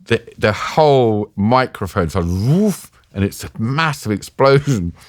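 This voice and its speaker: A middle-aged British man, a war journalist, recounting anecdotes in a lively, self-mocking way as a podcast guest. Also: fairly low pitch, measured pace, no room sound, clean studio sound. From Britain. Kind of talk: animated anecdotal storytelling.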